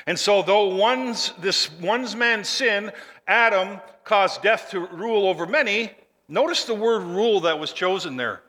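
Preaching in a large hall, a male pastor grows more emphatic until he reaches forceful declarations, guiding his congregation through call and response. He speaks in a high-pitched voice, somewhat slowly.

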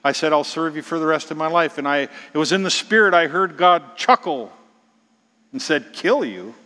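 Middle-aged male pastor, sermon, dramatic swings from whisper to shout, high voice, long hall reverb. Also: moderate pace. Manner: dramatic, shifts from whispers to loud exclamations.

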